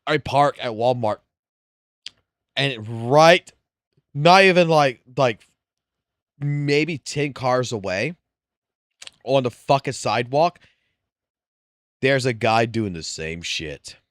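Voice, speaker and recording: A man's voice: mid-range voice, animated, takes it slowly, pauses often, a bit bright, no room sound, studio quality. A man and father streaming live, telling a long, profane, rambling story and laughing through it. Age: adult with wife and children.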